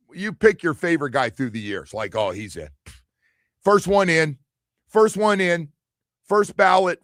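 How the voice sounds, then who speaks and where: A man's voice: high voice, dry recording. Male sports-talk host, loose and rambling, acts out quotes, dry studio sound. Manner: rambling, animated, acts out others' lines. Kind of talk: casual sports talk radio.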